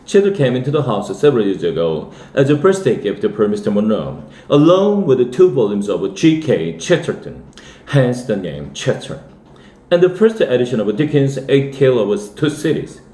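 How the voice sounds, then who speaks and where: A man's voice: mid-range voice, normal speed. Man reading a storybook in an echoey room. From South Korea. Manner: steady read-aloud with lively dialogue. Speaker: English teacher reading aloud. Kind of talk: reading a children's novel aloud.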